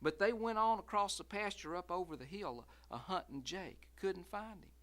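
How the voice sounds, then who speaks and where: A man's voice: high-pitched, a bit bright. A man storyteller telling a folksy tale, building suspense by drawing out and repeating phrases. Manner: drawn-out, repetitive suspense building.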